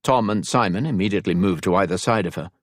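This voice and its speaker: A man narrating an audiobook in measured, even storytelling. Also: low voice, no echo, clean studio sound. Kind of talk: scripted narration.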